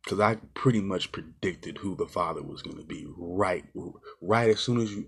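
Brief: male vlogger, lowish husky voice, ranting, loose and rambly, swears a lot. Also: normal speed. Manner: ranting, exasperated, swears often; rambling with many fillers and restarts. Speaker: movie reviewer. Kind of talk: casual rant-style movie review.

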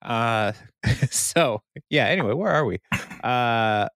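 A man co-hosting a podcast, recapping a TV episode in an animated, casual way with many filler sounds. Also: medium pitch, slow pace, no room sound, clean studio sound. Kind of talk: casual chat.

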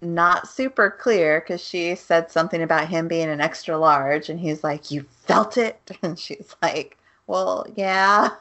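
A woman's voice: lowish voice, steady tone, measured pace, hardly any pauses, fairly bright tone. A woman co-hosting a casual podcast chat, giggling as she retells scenes and quotes the characters. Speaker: podcast co-host.

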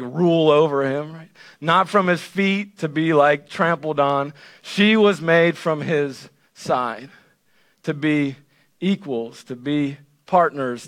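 A male pastor giving an animated, conversational sermon that keeps checking in with the listeners. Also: fairly high pitch. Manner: animated, conversational preaching with frequent "right?".

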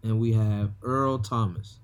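Slow-talking blunt man. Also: fairly low pitch, fairly even intonation. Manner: blunt, terse, drawn-out delivery. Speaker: podcast co-host. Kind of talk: casual sports debate.

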